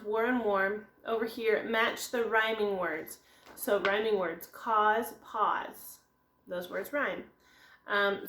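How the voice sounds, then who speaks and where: A woman's voice: fairly high pitch, a bit bright. A woman teacher giving a recorded phonics lesson, explaining step by step and answering her own questions. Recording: echoey room.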